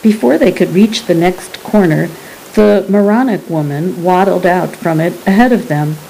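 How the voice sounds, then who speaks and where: A woman reading a story aloud as narrator, in a measured, deliberate way. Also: lowish voice, vocal fry, dark tone, a little hiss or hum, low-quality recording. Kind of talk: scripted audiobook narration.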